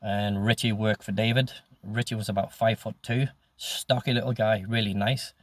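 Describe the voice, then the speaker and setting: A man's voice: on the low side, steady tone, moderate pace, dry recording. A man in his sixties telling his life story in a casual, rambling way, swearing freely with many ums. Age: 60s.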